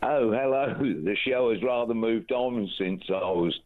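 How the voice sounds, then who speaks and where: A man calling in to a radio phone-in, speaking in a measured, wry way. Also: mid-range voice. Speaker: caller. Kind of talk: phone-in call. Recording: tinny phone line.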